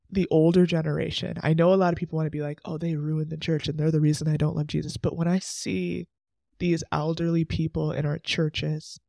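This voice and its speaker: A man's voice: a little high, vocal fry, darkish tone, no echo, clean studio sound. A man in his twenties hosting a faith podcast, talking earnestly and emotionally in a chatty way, full of "like" asides. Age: 20s. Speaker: podcast host.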